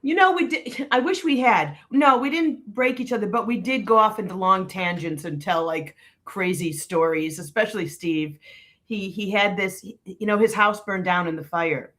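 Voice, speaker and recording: A woman's voice: mid-range voice, normal speed, fairly bright tone. A woman, an actress guest, chatting in an interview in a conversational, meandering way. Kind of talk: interview chat.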